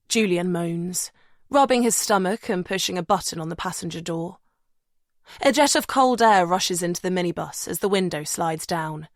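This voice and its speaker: A woman narrating an audiobook thriller in a measured, suspenseful way. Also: on the low side, no echo, clean studio sound.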